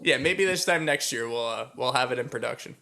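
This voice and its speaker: A man co-hosting a podcast in casual chat, excitable and laughing often while he quotes movie lines. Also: medium pitch, brisk, creaky. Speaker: podcast co-host.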